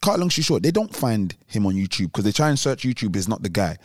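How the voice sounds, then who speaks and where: A man's voice: on the low side, sing-song, quick pace, darkish tone, no room sound. A young man, telling a story on a casual podcast and acting out other people's voices. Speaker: podcast co-host.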